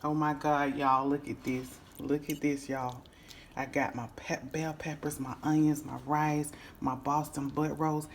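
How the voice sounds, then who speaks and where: A woman's voice: low-pitched, flat delivery, a little slow. A woman hosting her own cooking vlog, chatting casually to viewers and humming over the food as she tastes it. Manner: chatty, savoring aloud with lots of hums and "y'all". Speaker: cooking channel host. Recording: echoey room with faint noise.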